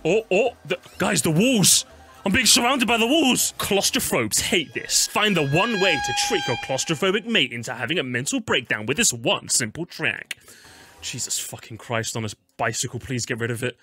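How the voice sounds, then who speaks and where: Lively, animated young man streaming. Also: normal speed, husky. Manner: animated, swears, yelps into high squeals when annoyed. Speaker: streamer ranking game tracks. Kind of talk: casual live-stream commentary. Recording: game music playing faintly behind.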